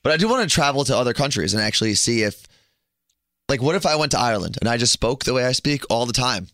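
A man's voice: mid-range voice, expressive, quick pace, bright, forceful tone, dry recording, studio quality. A young American man co-hosting a radio show, chatting casually and joking. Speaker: radio co-host. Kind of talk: casual chat.

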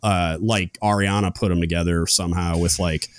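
A man's voice: sits low, steady tone, moderate pace, no room sound, studio quality. A young man hosting a podcast, talking loosely with many fillers and restarts. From United States. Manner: rambling, lots of fillers and restarts. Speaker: podcast host. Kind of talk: casual chat.

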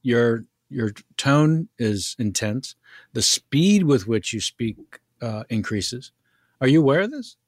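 A man who hosts a comedy podcast and improvises a calm, needling friend. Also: mid-range voice, slow pace, no room sound, clean studio sound. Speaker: podcast host and improv performer.

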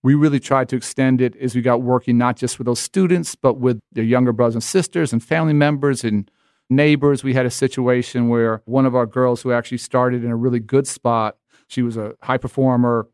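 Middle-aged man, interview guest, earnest and measured, dry close sound. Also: mid-range voice, darkish tone, no room sound. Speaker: interview guest, education leader. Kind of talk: conversational interview.

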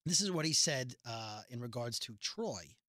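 A man's voice: medium pitch, animated, normal speed, bright, forceful tone, no room sound, studio quality. A man co-hosting a casual podcast, reading quotes aloud and adding jokey, wry asides. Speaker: podcast co-host.

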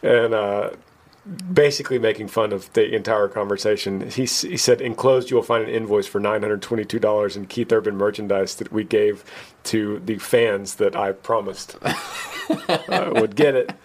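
A man's voice: on the low side, normal speed. A man hosting a podcast, telling a story in casual chat and acting out the quoted lines with a lifted voice. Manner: animated, acts out quoted lines in a raised voice; laughs at himself mid-story. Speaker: podcast host.

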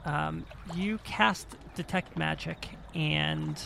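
A woman narrating as game master of a tabletop game, unhurried and descriptive, with fillers. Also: deep voice, steady tone, vocal fry, a bit bright, slight background noise.

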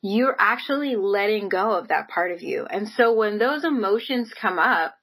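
A woman's voice: mid-range voice, lively intonation, normal speed, fairly bright tone, husky, poor audio. A woman giving an earnest, encouraging motivational talk, speaking casually with frequent "like" and "right?" and laughing lightly between phrases. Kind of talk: motivational monologue to camera.

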